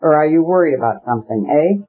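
A husky-voiced man reading an audiobook, voicing a jovial, teasing middle-aged nobleman in a raised, lively voice. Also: on the high side, fast talker, narrow, tinny audio, close to an everyday voice.

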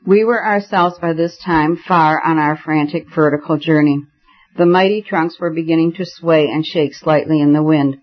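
Man, audiobook reader, first-person novel, measured, fairly high voice, dull lo-fi recording. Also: fairly even intonation.

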